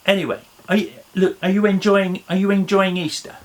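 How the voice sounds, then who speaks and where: A man's voice: sits high, level tone, brisk. A man presenting a playful children's talk in an online church service, upbeat and joking as he banters with a silent puppet. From England.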